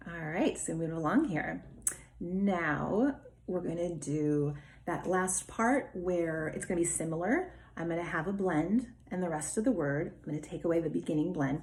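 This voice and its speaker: A woman teaching a remote phonics lesson, sounding out words slowly and clearly and praising her pupils. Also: lowish voice, dark tone. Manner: slow, clearly enunciated, encouraging teacher talk.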